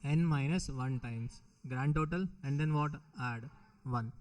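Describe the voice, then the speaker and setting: A man's voice: mid-range voice, measured pace, a little mellow, rough recording. A middle-aged man with an Indian English accent, teaching a recorded exam-prep lecture, repeating points and often checking with the students. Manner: repetitive, questioning the students often.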